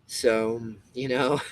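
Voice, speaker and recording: Man, impassioned rambling monologue, swears, mid-pitched voice. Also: big pitch swings, very slow, darkish tone, rough recording. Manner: rambling, emphatic, swears, restarts a lot, mocking quoted voices. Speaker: show host.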